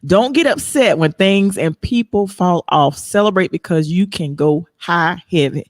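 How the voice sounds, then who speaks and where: A woman hosting a faith podcast, talking in a lively, preacherly way. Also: lowish voice, unhurried, no room sound, clean studio sound. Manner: animated, preacherly, reads listener comments aloud. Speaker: podcast host.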